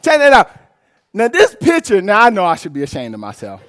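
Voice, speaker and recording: Preaching a sermon in a church sanctuary, a male pastor recounts a personal story with a lively, rising delivery broken by shouts. His voice sits high and his pace is brisk.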